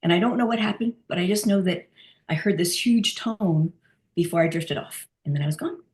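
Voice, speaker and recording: A woman in a discussion group telling a personal story in a casual, animated way, with fillers and restarts. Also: on the low side, a little fast. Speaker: group participant sharing a story.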